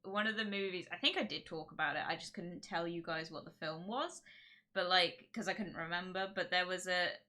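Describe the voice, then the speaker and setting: A chatty woman hosts her stream, talking in loose, giggly rambles that restart mid-sentence. Her voice sits a little low but rings bright and forceful. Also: a little fast. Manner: rambling, giggly, self-interrupting. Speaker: streamer host. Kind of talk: casual chat on a livestream.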